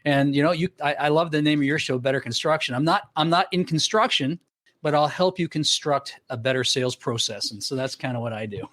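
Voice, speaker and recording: Born in Canada and raised in Florida, a middle-aged sales trainer with a South Florida accent appears as a podcast guest, telling stories animatedly in a casual interview. He acts out dialogue with many restarts, his voice a little high, a bit bright and fairly quick.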